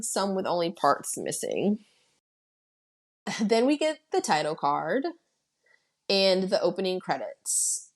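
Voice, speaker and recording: A woman's voice: medium pitch, darkish tone. A woman hosting a podcast, recapping a horror film's plot in a casual, blunt way, swearing freely and laughing. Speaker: podcast host.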